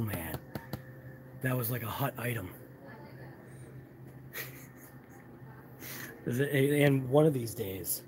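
A man's voice: mid-range voice, unhurried, pauses often, noisy background. A man with a Massachusetts accent who drops his R's, chatting casually as he walks a camera through a large hobby shop, rambling and muttering asides. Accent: Boston-area Massachusetts, non-rhotic. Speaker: channel host. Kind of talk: live walkthrough vlog.

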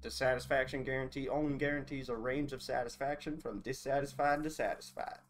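Wendy: a man playing a cheerful country shop clerk, woman, obsessed with store policy, mid pitch, put-on twang. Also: fairly even intonation, a little fast, faint music behind, natural voice. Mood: polite, scripted. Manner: put-on country twang, formal customer-service phrasing. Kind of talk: voicing game dialogue aloud on a stream.

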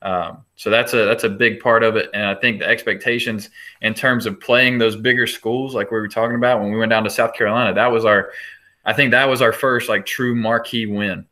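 A man who works as an assistant baseball coach, telling stories in a casual interview, chatty and animated, laughing between restarts. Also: lowish voice, a little fast.

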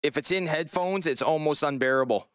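Casting: male game streamer, slightly higher voice, loose joking banter, casual cursing. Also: a little fast, smooth, dry recording, clean studio sound. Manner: joking, swears casually, chats with viewers. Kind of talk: casual live-stream chat while gaming.

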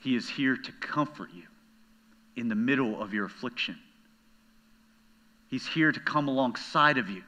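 Bright-voiced man preaching earnestly. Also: mid-range voice, lively intonation, moderate pace, pauses often, dull audio. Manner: earnest, swings from hushed to loud storytelling. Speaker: pastor. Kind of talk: sermon.

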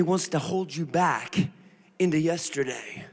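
A man, a pastor preaching a sermon, moving from relaxed storytelling to shouted declarations. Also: a little high, normal speed. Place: church sanctuary.

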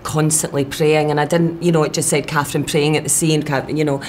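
A woman's voice: deep voice, little pitch movement, fairly quick, darkish tone, a little hiss or hum. A woman, an actress, talking eagerly in an interview, quoting her own thoughts as she goes. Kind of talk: press junket interview.

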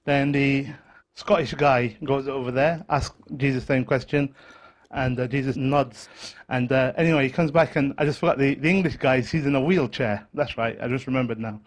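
A man's voice: mid-range voice, moderate pace. A man telling a long joke to a group, rambling, losing track and correcting himself.

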